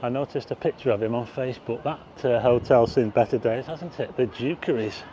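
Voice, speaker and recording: This vlogger, a middle-aged man, speaks briskly in a mellow, medium-pitched voice. He wanders the town streets giving chatty, meandering commentary and asides to the viewer, recorded slightly dull outdoors with slight background noise.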